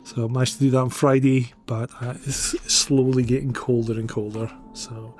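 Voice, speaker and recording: An easygoing man co-hosting a podcast, with dry jokes in a casual chat. His voice sits at a middle pitch. Faint music plays underneath. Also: little pitch movement, normal speed, a little mellow. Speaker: podcast co-host.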